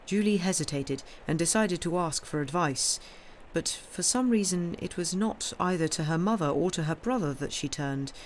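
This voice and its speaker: Steady woman reading a classic novel. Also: on the low side, a little hiss or hum. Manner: steady, measured storytelling with small restarts. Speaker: reader. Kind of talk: reading a classic novel aloud on a live stream. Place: home streaming setup.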